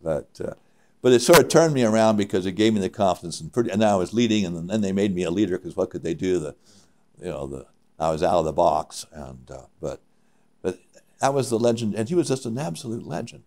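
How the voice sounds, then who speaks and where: An older man, a mountaineer, telling stories from his climbs in an interview, animated and full of halting restarts. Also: deep voice. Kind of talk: reminiscing interview.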